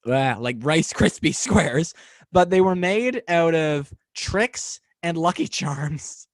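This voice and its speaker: Chill dude hosting a podcast interview, laughs a lot, dry close sound. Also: male voice, on the high side, animated, takes it slowly, no room sound. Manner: friendly, laughs easily, asks short questions. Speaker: podcast host. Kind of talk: casual interview chat.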